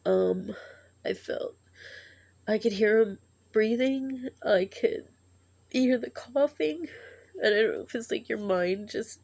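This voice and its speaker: Woman, grieving, tearful storytelling, halting, sighs, creaky voice. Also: a little high, darkish tone. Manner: halting, emotional, sighs and breaks into sobs. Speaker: vlogger.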